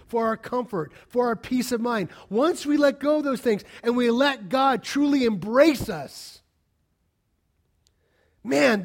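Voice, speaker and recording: Man preaching with hushed and raised turns. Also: extremely high pitch. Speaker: pastor. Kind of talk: sermon.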